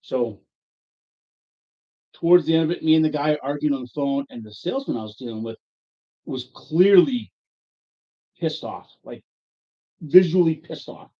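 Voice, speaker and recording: A man telling a long story to friends in casual talk, profane and animated, acting out his own angry quotes. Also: fairly high pitch, moderate pace, long pauses. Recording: dull lo-fi audio.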